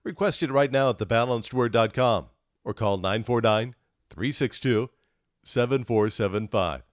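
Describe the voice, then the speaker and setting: A man announcing for a radio program, reading a steady scripted promotional segment. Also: mid-range voice, moderate pace, dry recording, clean studio sound. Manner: smooth, steady promotional read.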